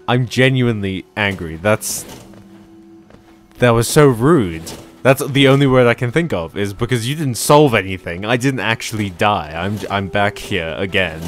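A man casually commentating a game as he plays, reacting out loud and chatting to his viewers. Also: lowish voice, normal speed, faint music behind. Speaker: game streamer. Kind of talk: casual let's-play commentary.

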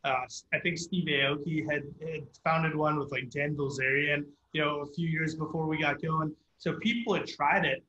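A man telling a founding story in a casual interview, animated and full of filler words. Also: fairly high pitch, normal speed, few pauses, echoey room, muffled recording, slight background noise. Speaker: startup founder guest.

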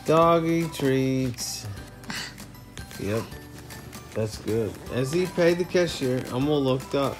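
A man's voice: mid-range voice, takes it slowly, pauses often, over music. A man reading a children's storybook aloud to his kids at bedtime, playful and teasing, with joking asides.

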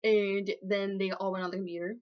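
A woman's voice: mid-range voice, little pitch movement, a little fast. A woman vlogger rambling through an improvised story, full of fillers, self-corrections and swearing, on slightly dull lo-fi audio. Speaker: vlogger telling a made-up story.

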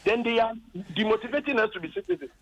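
A man's voice: very high voice, lively intonation, fast, fairly bright tone, poor audio. A Ghanaian man, a former district chief executive, calls in to a radio program and complains at length, impassioned and indignant as he retells his arguments.

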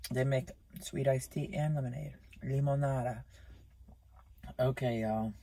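A young man rambling through a casual vlog into his phone camera, chatty and self-mocking. His pitch sits in the middle of the male range but jumps up sharply when he gets excited. He sounds recorded close on a phone. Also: moderate pace, gravelly, husky. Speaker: vlogger. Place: in a car outside a store.

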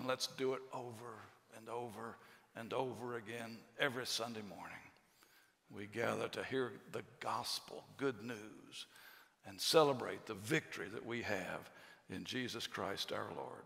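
A man's voice: on the low side, fairly even intonation, a little slow, gravelly, fairly bright tone. A middle-aged man preaching a sermon as pastor, telling stories in a conversational way and asking rhetorical questions. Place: church sanctuary. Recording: long hall reverb.

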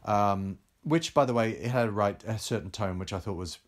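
Speaking at a moderate pace in a voice on the low side, this man is a film director being interviewed. He shares candid stories conversationally, with lots of fillers.

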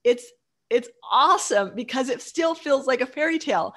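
A woman's voice: high voice, lively intonation, normal speed, fairly bright tone. A woman author as a guest, chatting casually and enthusiastically in long run-on sentences. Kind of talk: casual chat.

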